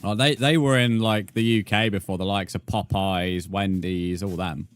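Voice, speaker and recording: Streamer, male, lowish voice, rambling chat with viewers. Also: steady tone, moderate pace, clean tone. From England. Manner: rambling, chatty, reads and answers viewer comments. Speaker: game streamer. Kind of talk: casual live-stream chat.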